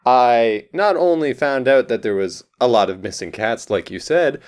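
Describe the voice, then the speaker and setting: A man playing a tabletop role-playing game, talking animatedly and laughing, with swings from mumbles to excited bursts. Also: medium pitch, moderate pace. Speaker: player. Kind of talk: tabletop role-play chat.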